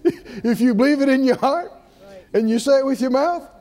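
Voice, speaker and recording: A man's voice: very high voice, animated, moderate pace, a little mellow, big-room sound. A man preaching a sermon, drawing call-and-response from the congregation with emphatic, repeated lines.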